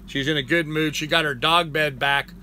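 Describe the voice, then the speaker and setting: Older guy rambling on a home live chat, real sharp bright voice, thanks everybody, baby-talks the dog. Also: on the high side, fairly even intonation, moderate pace, slight background noise. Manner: rambling, thanks chatters by name, coos to his dog. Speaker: live-stream host.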